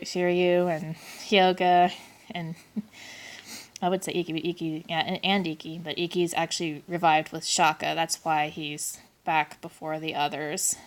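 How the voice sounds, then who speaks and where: A woman's voice: on the low side, clean tone. A woman giving a casual, rambling plot recap as an anime reviewer, often correcting herself.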